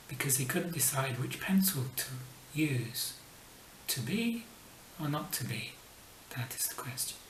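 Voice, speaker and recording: A man's voice: medium pitch, far from the mic. Man telling jokes in an echoey room. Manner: delivers punchlines softly, sometimes in a whisper. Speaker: book vlogger. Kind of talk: casual joke telling to camera. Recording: echoey room, mic set back, faint noise.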